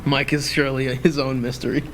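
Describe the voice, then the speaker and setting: A man's voice: medium pitch, little pitch movement, brisk, fairly bright tone, a little hiss or hum. A man hosting a podcast in casual chat, joking and teasing and laughing often. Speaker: podcast host.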